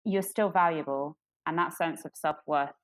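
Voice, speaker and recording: A woman co-hosting a casual chat, candid and animated, with lots of fillers and restarts. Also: normal speed, no echo, poor audio. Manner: candid and animated, jumps into high voices for quotes. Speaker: podcast co-host.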